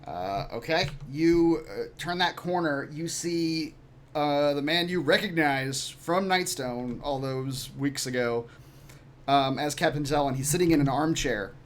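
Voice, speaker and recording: Guy DMing a tabletop game, kinda high voice, lots of ums and uhs. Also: slight background noise. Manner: halting, filler-heavy narration. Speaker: game master.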